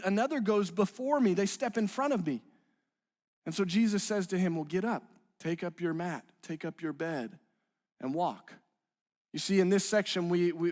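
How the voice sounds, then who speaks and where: A man's voice: high-pitched, big-room sound. A man preaching a sermon as a student ministry pastor, earnest, building intensity as he retells scripture. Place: church auditorium.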